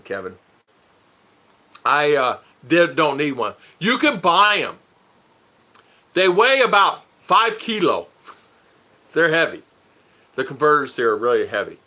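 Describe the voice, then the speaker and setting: A man's voice: mid-range voice, sharp tone. A man hosting a casual livestream, joking, teasing and laughing as he answers viewer comments. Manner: goofy, teasing, laughs often. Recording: dull lo-fi stream audio.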